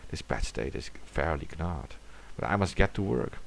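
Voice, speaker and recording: A man's voice: low voice, lively intonation, normal speed, gravelly, a little hiss or hum. A man reading a classic horror story aloud in a dramatic way, sometimes dropping to a whisper.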